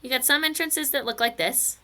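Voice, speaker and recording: A woman's voice: high-pitched, brisk, sharp tone. A woman teaching a recorded physics lesson, chatty and playful, slipping into silly stories and asides.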